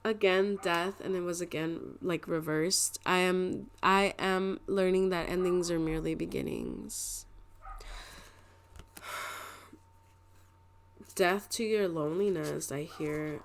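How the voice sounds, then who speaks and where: A woman's voice: fairly low pitch, fairly even intonation, takes it slowly, pauses often, a little hiss or hum. Rambling, emotional woman tarot reader. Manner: rambling, emotional, with frequent laughs and filler words. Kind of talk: casual spiritual card reading.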